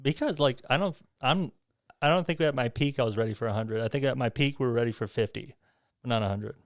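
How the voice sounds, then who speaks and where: Male podcast host, mid-pitched, dry close sound, relaxed questioner. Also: quick pace, no room sound. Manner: curious, loose questioning with fillers. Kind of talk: casual interview chat.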